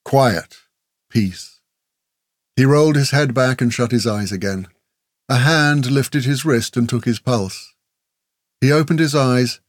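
A man reading fantasy audiobook narration in a steady, measured storytelling manner. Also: medium pitch, no echo, studio quality.

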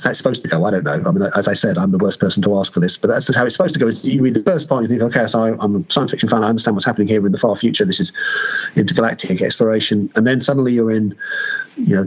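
A man's voice: fairly low pitch, racing, slightly rough, low-quality recording. An English man with an English accent, a novelist talking in a casual interview, hesitant and self-deprecating, with many restarts. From England. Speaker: novelist guest.

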